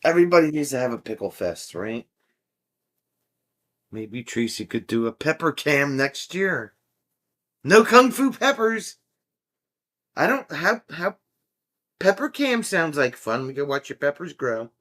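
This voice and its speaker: A man's voice: mid-range voice, very animated, moderate pace, fairly bright tone. A man hosting a casual livestream, reading out viewer chat and joking around with a playful manner and frequent laughter. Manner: jokey and playful, laughing often.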